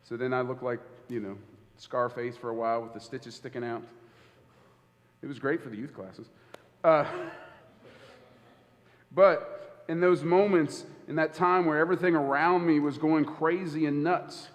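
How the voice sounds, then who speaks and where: A man's voice: fairly high pitch, steady tone, a little slow, pauses often. A man, a church elder, preaching a sermon, telling a personal story and acting out the quoted dialogue. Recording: hall reverb.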